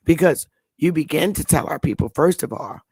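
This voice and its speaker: A woman's voice: low-pitched, lively intonation, moderate pace, darkish tone, slightly rough, no echo. A woman hosting her own channel, telling a rambling story in a casual monologue, often repeating and restarting words. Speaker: channel host.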